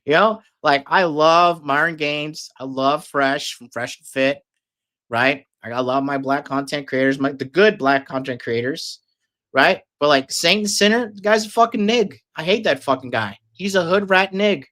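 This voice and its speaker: A man's voice: a little high, a little slow, sharp tone. A man telling a long, casual story, rambling and swearing heavily with lots of fillers. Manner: profane, rambling, filler-heavy.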